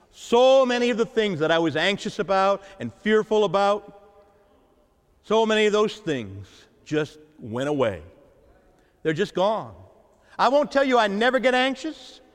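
A male pastor preaching a sermon, with dramatic pauses and emphatic repetition. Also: high voice, big-room sound. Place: church.

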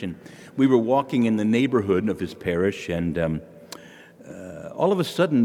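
A man's voice: on the low side, a little mellow, long reverb tail. Man preaching a folksy sermon in a church. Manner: folksy, storytelling with homely asides. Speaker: priest.

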